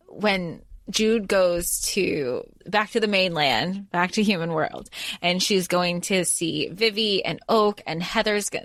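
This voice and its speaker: A woman co-hosts a podcast and chats casually about books, rambling, trailing off and restarting her sentences while doing lively voices for quotes. Her voice is on the low side, and the recording has no room sound.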